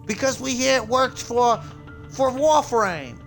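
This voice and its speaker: List. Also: male voice, animated, takes it slowly, creaky, a bit bright, faint music behind, exaggerated voice. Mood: boastful. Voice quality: mock-proud sales pitch. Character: smug male game-company spokesman, fake Spanish accent.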